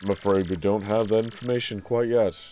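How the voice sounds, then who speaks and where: A man's voice: on the low side, fairly even intonation, a little fast, warm tone, faint music behind, lightly acted. A man voicing an old female turtle witch who serves her king, fawning and overly polite. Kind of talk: voicing game dialogue during a playthrough.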